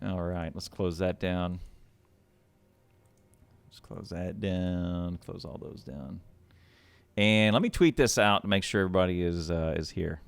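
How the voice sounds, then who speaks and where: A man hosting and casting a game match on a live stream, chatty and quick to laugh. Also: sits low, vocal fry, clear, resonant tone. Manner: chatty, with lots of laughs and restarts. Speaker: shoutcaster and match host. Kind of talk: casual live stream talk.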